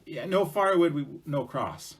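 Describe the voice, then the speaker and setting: A man voicing a tiny, stubborn little man in a spoken folk tale, squeaky and unhurried. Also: animated, slightly rough. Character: tiny stubborn old man in a river hut.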